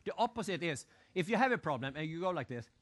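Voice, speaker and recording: A man giving a live motivational seminar talk, animated, acting out crowd shouts and putting questions to his audience. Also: a little high, fast. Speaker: motivational speaker.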